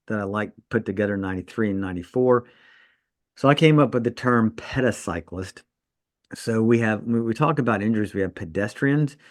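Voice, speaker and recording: A man's voice: on the low side, no echo, clean studio sound. A man co-hosting a podcast, a trauma surgeon telling stories in casual chat and laughing at his own jokes.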